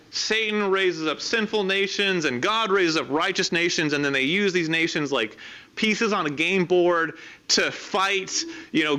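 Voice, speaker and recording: A middle-aged male preacher with a high, bright voice delivers a sermon. He teaches step by step in a measured way and stops to read scripture passages aloud.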